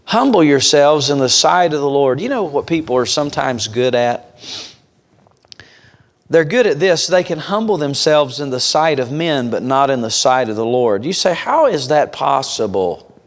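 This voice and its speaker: A man's voice: mid-range voice, lively intonation, normal speed. Emphatic male preacher in a reverberant church. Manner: emphatic, storytelling, direct address to congregation. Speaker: revival preacher. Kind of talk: sermon. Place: church sanctuary.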